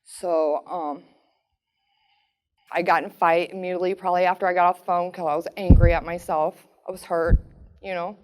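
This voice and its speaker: A woman in her thirties in prison recounting her past in a halting way, with many fillers. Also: fairly low pitch, fairly even intonation, darkish tone. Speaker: incarcerated woman telling her story. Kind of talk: personal testimony.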